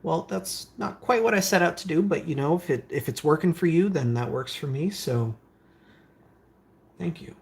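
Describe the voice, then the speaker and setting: A streamer who builds game consoles hosts a casual live stream from his workbench, reading viewer comments aloud and answering them rambling with lots of fillers. His voice is fairly high, animated and creaky, with a darkish tone, at a normal speed.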